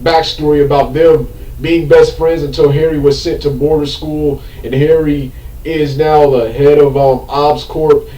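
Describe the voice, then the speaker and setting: A man's voice: on the high side, level tone, normal speed, dark tone, recorded from a distance. A man reviewing a movie in an unscripted rant. He repeats himself, loses his train of thought, says "um" a lot, and breaks into exasperated outbursts. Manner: rambling and repetitive, loses his train of thought, many filler ums. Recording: echoey room, voice set back from the mic.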